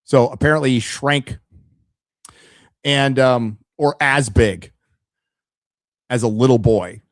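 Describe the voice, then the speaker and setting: A man's voice: mid-range voice, slow pace, no room sound. Man, livestream host, blunt ranting commentary, stumbling restarts, dry close sound. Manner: addresses chat directly. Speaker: live show host. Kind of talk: casual opinionated livestream commentary.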